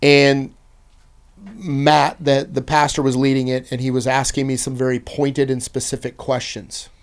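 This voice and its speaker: A man's voice: mid-range voice, level tone, measured pace, clear, resonant tone. Man telling an intense personal testimony. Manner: earnest, intense, shifting between loud and hushed. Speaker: podcast guest.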